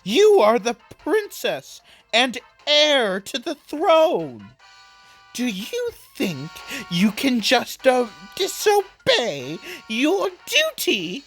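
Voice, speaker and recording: A man's voice: very high-pitched, huge pitch swings, very slow, fairly bright tone, faint music behind, pitched above the performer's own voice, heavily acted. A man voicing a stern regal queen mother who scolds her daughter with haughty indignation. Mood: stern scolding.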